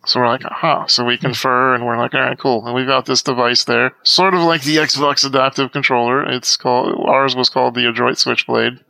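A man telling a story as a podcast guest, lively and acting out the voices of the people in it. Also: mid-range voice, brisk, creaky, few pauses, no room sound, poor audio. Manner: animated storyteller acting out quoted dialogue. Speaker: guest, accessibility advocate. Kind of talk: conversational storytelling.

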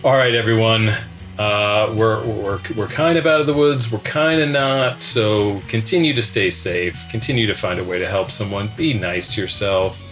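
A man hosting a podcast, reading stage directions and then signing off in a relaxed, conversational way. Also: lowish voice, normal speed, faint music behind. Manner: relaxed, conversational, some restarts. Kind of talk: scripted narration and podcast sign-off.

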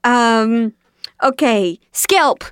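A woman co-hosting a comedy game podcast, giggly and teasing in quick banter. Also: on the high side, fairly bright tone, smooth, dry recording. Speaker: podcast co-host.

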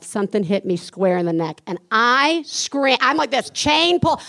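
A woman co-hosting a live podcast on stage, telling a childhood story with lively acted-out screams and chants. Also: mid-range voice, moderate pace, hardly any pauses. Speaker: podcast co-host. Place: live stage before an audience.

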